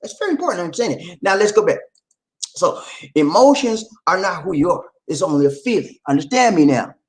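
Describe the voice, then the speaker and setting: A man's voice: high-pitched, brisk. A man giving motivational relationship advice to viewers in a preachy way, often checking that they follow him. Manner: animated, preachy, keeps checking in with listeners.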